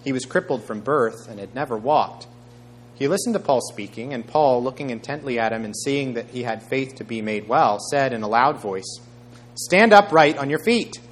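A man preaching a sermon, reading scripture aloud in a measured way and raising his voice for quoted speech. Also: medium pitch, slight background noise. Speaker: pastor.

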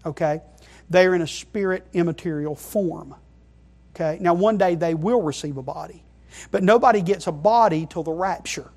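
A man preaching a sermon, emphatic, moving between quiet asides and loud stressed phrases and often checking in with the congregation. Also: on the high side, moderate pace. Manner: emphatic, keeps checking in with "okay?".

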